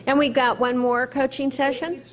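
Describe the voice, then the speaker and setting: A woman hosting an event, who briskly announces giveaways and calls people up on stage. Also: sits high, little pitch movement. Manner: brisk, handing out prizes on stage. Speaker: event host. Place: event hall with an audience. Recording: distant mic over crowd noise.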